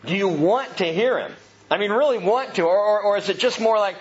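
A man preaching in an earnest, emphatic way, leaning on rhetorical questions. His voice sits a little high and sounds husky. The recording is dull and lo-fi. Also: brisk. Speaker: pastor. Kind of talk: sermon.

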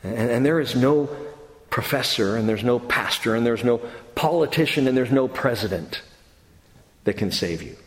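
A man's voice: mid-range voice, expressive. Preaching man in an echoey hall. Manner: earnest preaching, reads scripture slowly, rising to emphatic bursts. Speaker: pastor. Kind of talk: sermon. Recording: roomy hall with long reverb.

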